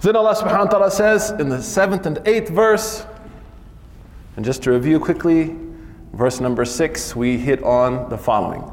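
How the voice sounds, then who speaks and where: A man's voice: on the high side, expressive, normal speed, long reverb tail. A man giving an informal religious lesson in a casual, chatty way, often tacking "man" onto his sentences. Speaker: religious teacher.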